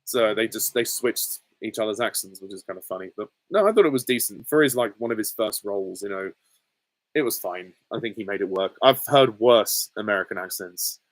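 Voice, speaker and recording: A man in his twenties answering viewer questions in a casual live Q&A, easygoing and hesitant with frequent ums and soft laughs. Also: lowish voice, fairly quick, dry recording, rough recording. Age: 20s. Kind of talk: casual live Q&A reading chat comments.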